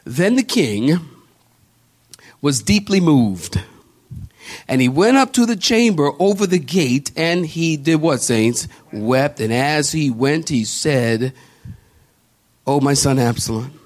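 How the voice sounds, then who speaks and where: A male pastor preaching a sermon, building emphasis through repetition and calling on the congregation to respond. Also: fairly high pitch.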